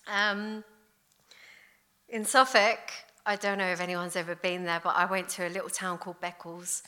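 A woman, giving a candid, blunt recovery testimony in an animated storytelling way. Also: lowish voice, moderate pace. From London. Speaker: recovery speaker. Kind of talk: personal testimony talk.

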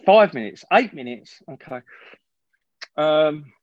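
A man's voice: fairly high pitch, animated, slow, no echo, muffled recording. A man giving a frank, rambling personal share at a recovery meeting, swearing and restarting his sentences often.

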